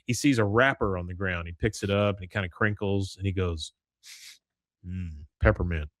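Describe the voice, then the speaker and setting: A man hosting a podcast, recapping a cartoon episode in a relaxed chat and dipping into quick character voices. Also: low-pitched, no room sound, studio quality. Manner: retells scenes with quick character voices, chuckling. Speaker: podcast host.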